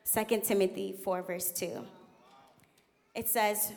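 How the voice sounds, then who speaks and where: A young adult woman giving a candid, animated sermon as a guest preacher in a church. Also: mid-range voice, normal speed. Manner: animated, laughing, candid storytelling. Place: church sanctuary. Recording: long hall reverb.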